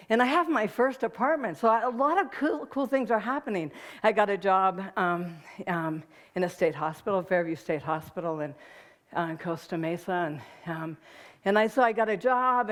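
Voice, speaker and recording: Woman, American, spoken testimony, animated, emotional, frequent laughter, halting restarts. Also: medium pitch. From United States. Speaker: guest speaker. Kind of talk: personal testimony talk to an audience.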